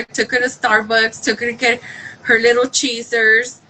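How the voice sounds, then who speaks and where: A woman with a bright, ringing voice that sits a little high, chatting casually about faith. She tells her story in an animated way, acting out the lines people said and restarting her sentences as she goes. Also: moderate pace, a little hiss or hum, low-quality recording. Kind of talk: casual faith-based chat.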